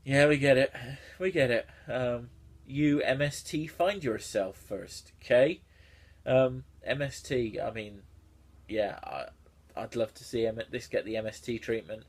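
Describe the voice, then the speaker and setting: A man's voice: medium pitch, unhurried, darkish tone. A man reading a bad fan fiction aloud with sardonic, sweary, laughing commentary. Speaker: YouTuber reviewing fan fiction. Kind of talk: comedic read-through commentary.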